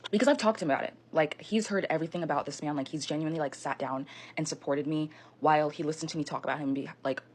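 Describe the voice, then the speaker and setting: A woman's voice: low voice, racing, few pauses, a little mellow, a little hiss or hum. A young woman telling a casual storytime into her phone, rambling with lots of fillers and frequent swearing.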